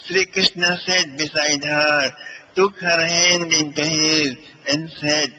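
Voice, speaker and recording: A man telling a devotional story as a swami, speaking deliberately and addressing his listeners as dear friends. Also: fairly high pitch, fairly even intonation, pushed and bright, rough recording.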